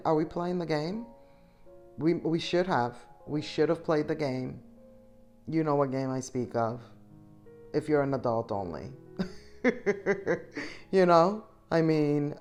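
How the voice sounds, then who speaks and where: A middle-aged woman with a low voice chats eagerly with her viewers while she shops. She talks to them directly and warmly. Soft music plays faintly under her voice. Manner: chatty, enthusiastic, addresses viewers directly. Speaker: shopping vlogger. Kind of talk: casual shop-with-me voice-over.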